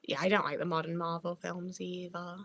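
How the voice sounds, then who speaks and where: A young woman from England's north runs a livestream, swearing freely and talking bluntly as she reads comments out. Her low-ish, level voice is brisk, creaky and a bit bright.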